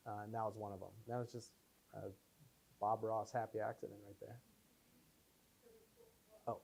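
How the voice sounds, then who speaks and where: A young filmmaker answers audience questions in a casual post-screening Q&A, using a mid-range voice with vocal fry. He keeps a moderate pace but pauses often. His rambling, animated stories are full of fillers and restarts.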